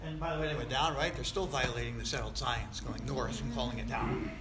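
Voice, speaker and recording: A male pastor preaching a sermon emphatically, with big swings in loudness. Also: mid-range voice, steady tone, brisk, noisy background. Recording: echoey room.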